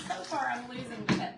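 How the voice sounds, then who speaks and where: A woman's voice: sits high, distant mic. A woman chatting casually with viewers while she crafts, greeting them by name. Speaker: craft livestream host. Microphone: phone on a stand. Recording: echoey room, noisy phone audio.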